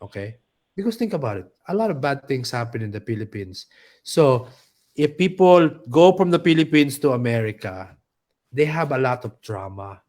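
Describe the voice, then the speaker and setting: A man who teaches martial arts, joking and animated in a casual podcast chat, often adding a tag question. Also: mid-range voice, moderate pace. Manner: animated and joking, frequent "okay?" tags. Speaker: guest martial arts instructor.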